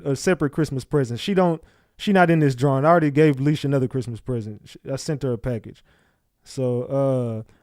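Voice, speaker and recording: A man's voice: on the high side, a little mellow, no room sound, clean studio sound. Slangy man hosting a livestream. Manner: loose, slangy, calls out chat names. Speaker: livestream host. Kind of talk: casual livestream chat with viewers.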